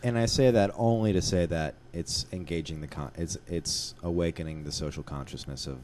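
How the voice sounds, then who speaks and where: A man's voice: low voice, normal speed, darkish tone, slight background noise. A man co-hosting a casual discussion podcast, rambling with many restarts and fillers. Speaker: podcast co-host.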